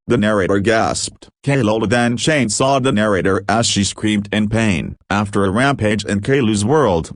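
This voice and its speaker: A man with a fairly low voice reads his homemade horror fan story aloud in a flat, even way. The sound is close and dry, with almost no room around it. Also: normal speed, hardly any pauses, dry recording. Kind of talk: amateur fan-story narration.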